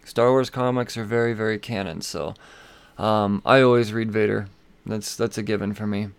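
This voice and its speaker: A man with a lowish, smooth and resonant voice hosts a podcast. He rambles through casual chat, swearing freely and filling pauses with ums and uhs. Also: steady tone. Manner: rambling and profane, with frequent fillers. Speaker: podcast host. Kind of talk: casual comic book news chat.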